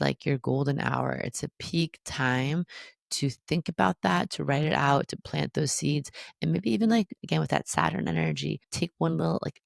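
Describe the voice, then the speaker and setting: A man's voice: medium pitch, vocal fry, dry recording, studio quality. A man hosting an astrology podcast, giving playful, casual spiritual guidance with lots of fillers and the odd swear word. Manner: chatty and playful, many likes and rights, occasional swearing.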